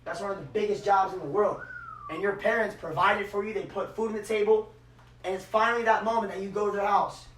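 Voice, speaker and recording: A man giving a motivational speech and leading a guided visualization, swinging between shouted hype and hushed emotional moments. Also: high voice, fairly even intonation, fast talker, echoey room, distant mic, slight background noise, poor audio. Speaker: motivational speaker.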